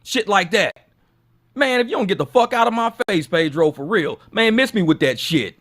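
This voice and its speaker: A man's voice: expressive, normal speed, a bit bright. A man ranting angrily on a gig-work commentary channel, swearing constantly and mocking others in put-on voices. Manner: profane, heated, mocks others in squeaky voices.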